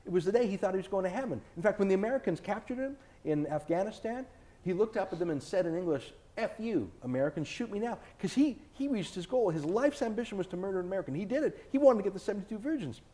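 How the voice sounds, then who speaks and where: A man giving a sit-down interview speaks in a combative, insistent way. His pitch swings widely as he presses each point. His tone is dark and mellow. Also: expressive, fast talker. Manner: emphatic, combative, argumentative. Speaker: author and TV host, interview guest. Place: indoors, filmed interview.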